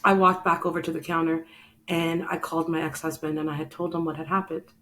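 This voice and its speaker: A woman's voice: deep voice, little pitch movement, a little fast, fairly bright tone, slight background noise, rough recording. A woman hosting a show, telling a personal story in an earnest, emotional way and speaking straight to the listener. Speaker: podcast host.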